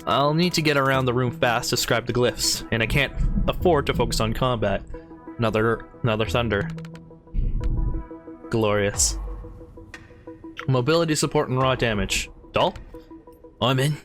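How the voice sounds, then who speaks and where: A man narrating a tactics game, reading each character's lines aloud in his own voice at a middling pitch. He slips out of the script now and then to chat. Faint music sits under his voice. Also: moderate pace, long pauses. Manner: reads lines aloud with chatty asides. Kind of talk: casual let's-play narration.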